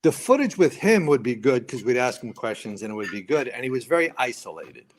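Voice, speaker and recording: Animated man telling stories. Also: mid-range voice, fairly quick, slight background noise. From United States. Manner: animated storyteller acting out other people's lines. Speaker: podcast guest, retired firefighter. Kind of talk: storytelling in casual conversation.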